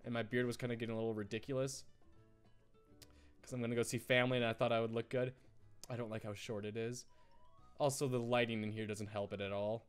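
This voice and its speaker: A man's voice: mid-range voice, level tone, fast, long pauses, clear, resonant tone, soft background music. A man hosting a let's play, giggly and rambling, easily sidetracked while chatting through the game. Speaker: gaming channel host.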